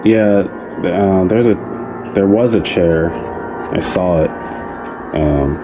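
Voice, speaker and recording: A man hosting a comedy podcast, talking in a halting, filler-heavy, playful way. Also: sits low, lo-fi sound. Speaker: podcast host. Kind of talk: comedy sketch and casual chat. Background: background music.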